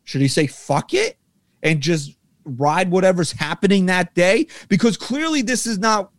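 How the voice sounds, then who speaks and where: Ranting, profane man, higher voice. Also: moderate pace, no room sound, studio quality. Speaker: podcast co-host. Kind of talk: heated casual sports talk.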